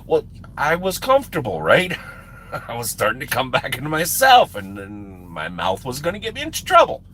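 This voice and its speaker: A man's voice: a little high, huge pitch swings, moderate pace, fairly bright tone, husky, rough recording. A man hosting a livestream, telling a long personal story in a casual, profane way with laughing asides. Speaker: livestream host.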